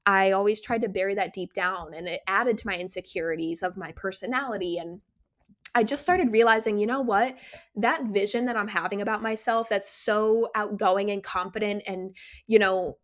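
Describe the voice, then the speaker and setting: Candid young woman telling a story. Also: mid-range voice. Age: 20s. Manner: animated and candid, with many fillers and restarts. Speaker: podcast host. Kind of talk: casual personal storytelling.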